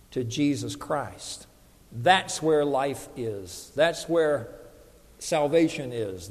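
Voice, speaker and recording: A man's voice: fairly high pitch, darkish tone. A man preaching a sermon as a pastor, earnest and emphatic, voice lifting when he quotes others. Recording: hall reverb.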